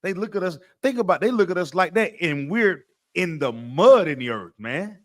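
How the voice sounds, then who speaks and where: A man's voice: high voice, lively intonation, normal speed. A man leading a scripture class, quizzing his students with call-and-response questions and repeating himself to press a point. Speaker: class teacher.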